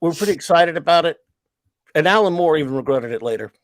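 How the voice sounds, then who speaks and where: A man's voice: on the high side, lively intonation, fast, dry recording. A middle-aged man hosting a casual stream, telling long rambling stories laced with profanity. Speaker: livestream host. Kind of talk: casual chat.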